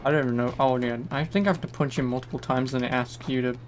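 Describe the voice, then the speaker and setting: A man's voice: mid-range voice, steady tone, quick pace, soft background music. A young man giving casual, joking gameplay commentary as a streamer, swearing freely. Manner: chatty, swears, jokes about the game.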